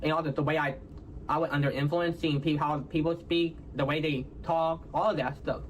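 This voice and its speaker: Halting Texan man with unclear diction. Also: a little high, fairly even intonation, slight background noise. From Houston, Texas. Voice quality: hard-to-follow diction. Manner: halting, ends nearly every phrase with "all right, y'all?". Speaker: content creator in a played clip. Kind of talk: casual self-explaining talk to viewers.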